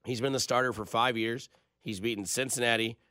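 A man's voice: medium pitch, steady tone, fairly quick, sharp tone, no echo. A man hosting a sports radio show, casual and jokey, on a close studio mic. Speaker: radio host.

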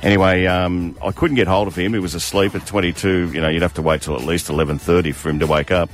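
A man's voice: low-pitched, steady tone, fast. A middle-aged man with an Australian accent, co-hosting breakfast radio and telling a family story in a jokey, laughing way. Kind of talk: casual radio chat.

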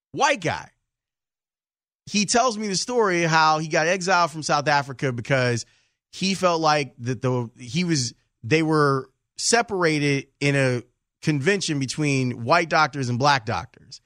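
A man's voice: fairly high pitch, animated, unhurried, pushed and bright, no room sound, clean studio sound. A man hosting a sports radio show, telling stories in a jokey, self-mocking way. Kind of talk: casual sports radio chat. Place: radio studio.

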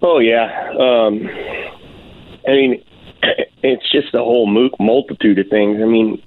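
A man calling in to a talk show, speaking in a heartfelt, halting way with many fillers. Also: medium pitch, fairly even intonation, no echo. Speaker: caller, former client. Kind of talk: phone-in interview. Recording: tinny phone line.

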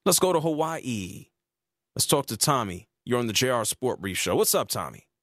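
A man's voice: normal speed, dry recording, clean studio sound. A man hosting a sports talk radio show, arguing his point with emphasis. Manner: emphatic, argumentative, lively pitch swings.

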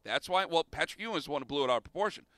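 A man's voice: fairly high pitch, lively intonation, rapid-fire, a bit bright, dry recording. A man from the Cleveland area hosting a sports radio talk show, making his case emphatically and repeating his points. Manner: emphatic, repetitive, argumentative.

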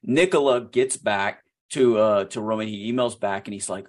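A man, a filmmaker guest on a radio show, telling his story in an animated, excitable way that often jumps up in pitch. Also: normal speed. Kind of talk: storytelling interview.

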